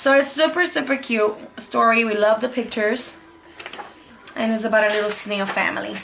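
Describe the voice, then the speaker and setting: With background noise present, a woman with a somewhat high, gravelly voice speaks at a moderate pace. She vlogs as a homeschool mom, cheerfully reviewing beloved picture books and saying "super cute" again and again.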